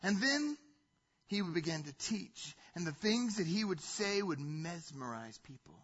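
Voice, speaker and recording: A male pastor preaching a sermon, telling the story in an animated way that swings between loud and hushed. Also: high voice, a little slow, breathy edge, lo-fi sound.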